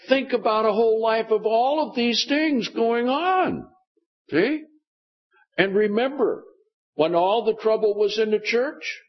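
A man's voice: high voice, dull audio. A man preaching a sermon, often turning to the congregation with questions. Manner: keeps asking the congregation questions.

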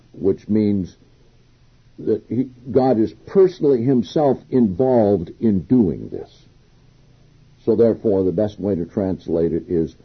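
A man's voice: lowish voice, highs cut off. A man preaching a sermon, reading scripture verses aloud and explaining them, lifting his voice emphatically on the quotes. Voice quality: very husky. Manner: reads scripture aloud then comments, rising emphatically on quotes. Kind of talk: sermon, Bible exposition.

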